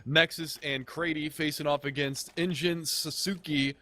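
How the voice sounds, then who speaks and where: An American man commentating an esports match with energetic, teasing banter. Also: a little high, a little slow. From United States. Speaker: esports caster.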